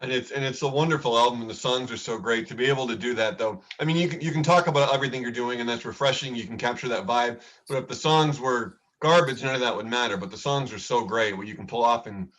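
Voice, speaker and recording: A man's voice: mid-range voice, quick pace, few pauses, fairly bright tone. A man hosting a music interview, talking eagerly and heaping praise on his guest. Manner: enthusiastic, effusive praise. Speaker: interview host. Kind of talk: casual interview.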